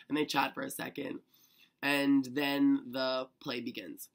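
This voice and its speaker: A young man telling a story to camera in a chatty, excitable vlog manner, full of "like". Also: mid-range voice, fairly quick, creaky. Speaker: vlogger.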